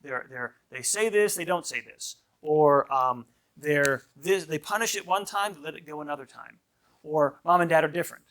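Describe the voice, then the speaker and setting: A man with a fairly high voice teaches a marriage class as a priest. His delivery is loose and conversational, punctuated by "right?" and brief acted-out lines of what kids and parents say. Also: moderate pace, fairly bright tone. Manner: conversational, often asks "right?"; acts out short quoted lines of kids and parents. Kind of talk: informal lecture.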